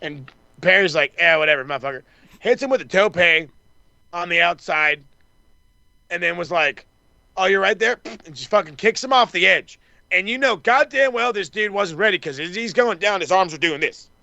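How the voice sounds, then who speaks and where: A man's voice: sits high, moderate pace, vocal fry, sharp tone, no echo, lo-fi sound. A man co-hosting a wrestling podcast, rambling through a casual recap, swearing freely and acting out the wrestlers' lines. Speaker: podcast co-host.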